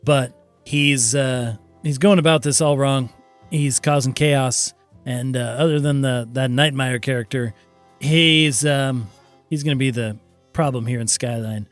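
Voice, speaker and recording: A man's voice: medium pitch, steady tone, soft background music. Man running a tabletop game. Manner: voices characters in quick asides. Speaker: game master.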